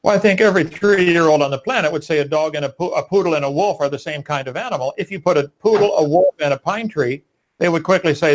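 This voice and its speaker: Sex: man. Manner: preachy, emphatic debater, slightly high voice. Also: fast, slight background noise, low-quality recording. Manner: emphatic, preachy, rhetorical questions. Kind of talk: live debate argument.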